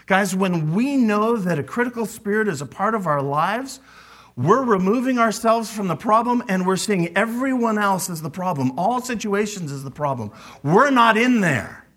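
A man's voice: high voice, expressive, normal speed, a bit bright. A man preaching a sermon, speaking animatedly and acting out quoted lines with emphasis. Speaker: pastor.

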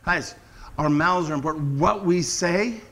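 A middle-aged man preaching a casual sermon, earnest and animated, slowing down to stress key words. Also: on the high side, rough recording. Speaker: pastor.

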